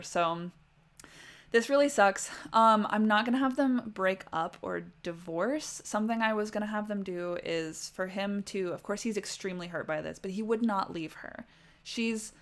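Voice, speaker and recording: A woman streaming a life-sim game, talking through her story ideas in a chatty, rambling way, with lots of "like" fillers and soft apologies. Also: mid-range voice. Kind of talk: casual livestream gameplay commentary.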